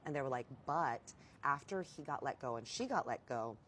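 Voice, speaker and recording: A woman's voice: very deep voice, moderate pace, slight background noise. A woman telling a story in casual vlog style, candid, swearing freely and addressing her viewers directly. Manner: animated when quoting herself. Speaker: storytime vlogger.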